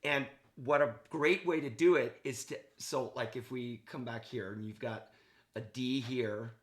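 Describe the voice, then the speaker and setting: A man's voice: mid-range voice, unhurried, fairly bright tone. A man coaching hockey, talking a player through game footage in a casual, enthusiastic way, checking in often with "okay". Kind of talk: video game analysis for a player.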